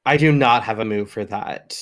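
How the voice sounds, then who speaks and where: A man's voice: lowish voice, moderate pace, fairly bright tone. A man playing a tabletop game, describing his moves in a rambling way full of fillers. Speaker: player. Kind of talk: casual tabletop game chat.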